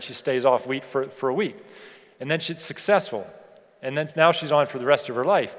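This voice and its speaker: A man giving a motivational keynote speech to an audience. He asks them rhetorical questions and slows down to stress key points. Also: on the high side. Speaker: keynote speaker. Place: large hall on stage. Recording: long hall reverb.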